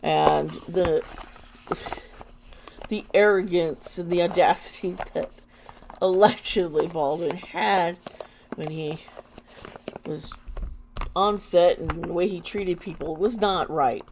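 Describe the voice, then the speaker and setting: A woman's voice: on the low side, steady tone, slow, long pauses, a little mellow, slight background noise. A woman doing an intuitive tarot reading for her vlog, earnest and emotional, often trailing off mid-sentence. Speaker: tarot reader.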